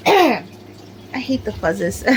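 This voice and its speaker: Brief: middle-aged woman, fairly high voice, rambling show-and-tell crafter, filler-heavy. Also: very animated, drawn-out words, slight background noise, poor audio. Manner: chatty, rambling, many "like" fillers. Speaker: crochet crafter showing her amigurumi. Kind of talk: casual show-and-tell chat.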